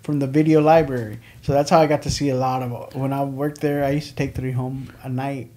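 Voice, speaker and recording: A man's voice: medium pitch, little pitch movement, brisk, dark tone. A man, a comedian chatting on a podcast and telling stories in long, rambling runs full of restarts. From Houston area, Texas. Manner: rambling storyteller, heavy on "like" and restarts. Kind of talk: casual podcast chat.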